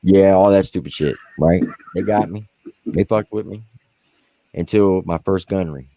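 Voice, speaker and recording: A man and army veteran co-hosting a podcast, telling profane war stories in a casual, animated way and acting out what others said. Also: normal speed, no room sound. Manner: animated, profane, acts out quotes in high voices. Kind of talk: casual storytelling among veterans.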